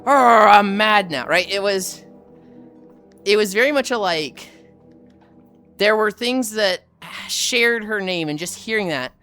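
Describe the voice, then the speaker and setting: A woman livestreaming while walking, telling a story casually to chat, animated and swearing freely. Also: mid-range voice, slow pace, long pauses, faint music behind.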